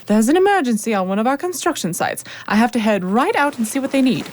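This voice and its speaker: A woman's voice: a little high, animated, quick pace, a little mellow, a little hiss or hum, close to an everyday voice. An actress playing a pompous, self-important woman who runs a construction company, in a children's radio drama. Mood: bossy. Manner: bossy, self-important, showy. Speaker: company manager.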